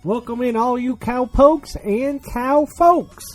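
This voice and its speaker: A man's voice: extremely high pitch, slow, faint music behind, pitched above the performer's own voice. A man putting on a boastful Southern cowboy drawl as a rowdy rodeo host. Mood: boisterous. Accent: put-on Southern cowboy drawl. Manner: whooping, boastful showman.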